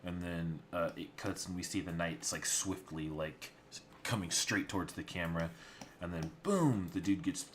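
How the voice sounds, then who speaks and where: Deep-voiced man rambling through story beats. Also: normal speed, a little hiss or hum. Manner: rambling, many fillers and placeholders. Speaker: storyboard artist. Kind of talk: casual livestream talk-through.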